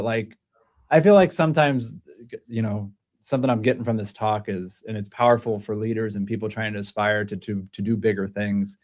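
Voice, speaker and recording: A man hosting a casual interview podcast, retelling stories with lively quoted voices. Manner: animated storyteller, voices quotes in a high excited tone. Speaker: podcast host.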